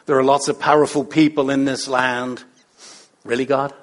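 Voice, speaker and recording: A man's voice: medium pitch, flat delivery, normal speed. A man preaching a sermon in a playful, conversational way, full of rhetorical questions. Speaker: pastor.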